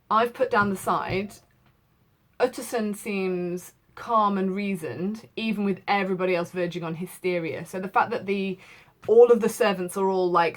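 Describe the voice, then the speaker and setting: Woman teacher going through a novel, chatty, explains stuff, tells you to highlight bits. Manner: explanatory, casual, asks listeners to highlight passages. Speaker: English literature teacher. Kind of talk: reading a novel aloud with analysis.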